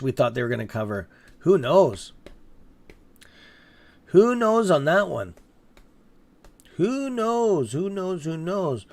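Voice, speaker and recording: On his live trading stream, a man with a fairly high, gravelly voice reads through viewer comments in a loose, talkative way. He reacts out loud to the chat and doesn't hold back on swearing when he gets annoyed.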